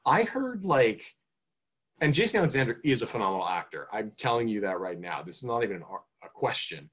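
A man on a podcast talks through a movie in loose, casual chat. His voice sits a bit low, and he rambles with fillers and restarts, rising in pitch when he gets excited. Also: fairly quick, slightly rough. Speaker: podcast co-host. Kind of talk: casual film review chat.

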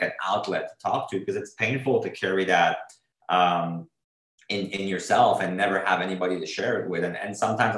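A man answering interview questions, earnest and rambling, often stopping to restart his thoughts. His voice sits a little low. The recording has a noticeably roomy sound. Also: a bit bright. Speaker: drummer being interviewed. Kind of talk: casual interview talk.

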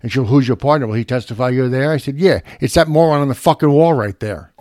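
A man's voice: medium pitch, quick pace, a little mellow, no echo, studio quality. A middle-aged man telling a profane, brash story in casual chat.

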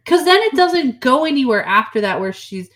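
Woman, podcast co-host, casual chat, lively pitch, jokey, swears casually. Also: moderate pace, over a noisy crowd.

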